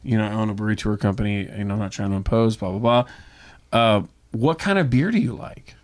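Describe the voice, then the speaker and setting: A man's voice: lowish voice, fast talker, a little mellow. A man who owns a brewery tour company, telling stories in a casual podcast chat with enthusiasm, often repeating words as he starts a thought. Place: Knoxville.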